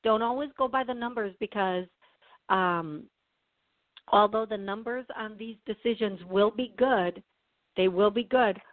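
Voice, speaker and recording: A woman hosting a call-in radio show as a psychic medium, chatty and reassuring, often clearing her throat. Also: mid-range voice, a little slow, dry recording. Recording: tinny phone-like sound, dry.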